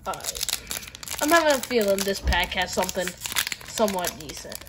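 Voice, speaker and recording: A woman's voice: medium pitch, very animated, a little fast, noisy background. Chatty Southern woman opening card packs. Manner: chatty, filler-heavy, talking to viewers. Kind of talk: casual pack-opening chat.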